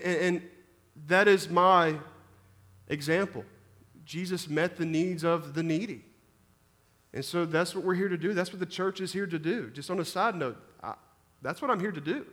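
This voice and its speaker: A man with a notably high voice preaches a sermon, stumbling into restarts and doubling his words as he drives each point home. His voice rings out with long reverb, as in a large church hall. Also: fairly bright tone. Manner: preaching with frequent restarts and repetitions. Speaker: pastor.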